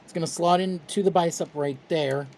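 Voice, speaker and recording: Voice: mid-range voice, normal speed. Casual chatty toy reviewer. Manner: relaxed, chatty and self-deprecating. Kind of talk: casual step-by-step tutorial.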